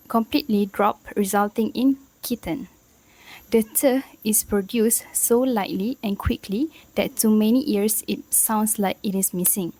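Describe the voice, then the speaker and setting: A woman's voice: medium pitch, mellow, poor audio. A young woman from Malaysia, a student giving a recorded class presentation and explaining from prepared notes.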